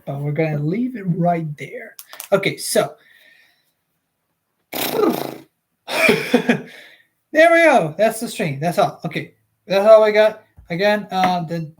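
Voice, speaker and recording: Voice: mid-range voice, a little hiss or hum. A streamer reading a book aloud on a livestream, chatting casually and rambling with many fillers.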